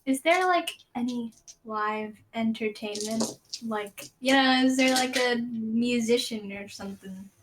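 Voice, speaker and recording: Woman player, fairly high voice, stammering, faint noise behind. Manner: stammering, halting, lots of fillers. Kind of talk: playing a tabletop game.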